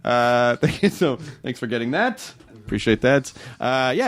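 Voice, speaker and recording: A man hosting a comedy podcast, joking in quick banter with his guests and wrapping up the episode. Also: medium pitch, sing-song, fairly bright tone. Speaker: podcast host. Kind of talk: casual comedy podcast chat.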